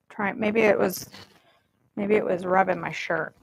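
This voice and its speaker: A woman's voice: medium pitch, fairly even intonation, normal speed, slight background noise. A woman hosting a casual live cooking stream from her home kitchen, chatty and self-deprecating while she fiddles with her mic, over warbly, staticky audio.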